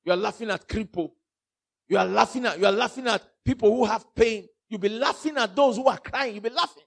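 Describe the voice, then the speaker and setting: A Nigerian-accented man preaching a fiery sermon, mixing in pidgin and swinging from loud outbursts to hushed warnings. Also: sits high, a little fast, creaky.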